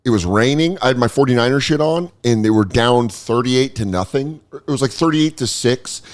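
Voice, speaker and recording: A man in his thirties hosting a casual comedy podcast. He talks in an ordinary mid-range voice, riffing loosely and swearing freely as he tells stories. The overall feel is animated, easygoing banter. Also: mid-range voice, moderate pace. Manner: profane, riffing, animated storyteller. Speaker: podcast host.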